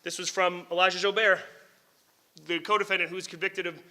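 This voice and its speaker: A middle-aged man from New Jersey, a lawyer telling a story to a lecture audience. His voice sits high for a man and has a sharp, very bright tone. He talks in an animated, candid way, swears casually and chuckles at his own lines. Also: fairly quick. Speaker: lawyer and author giving a book talk.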